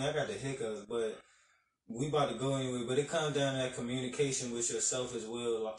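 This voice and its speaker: A man's voice: mid-range voice, steady tone, fast. Man, podcast co-host, casual chat, reflective, echoey room, distant mic. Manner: reflective, encouraging, loose with fillers. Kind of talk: casual live-stream chat.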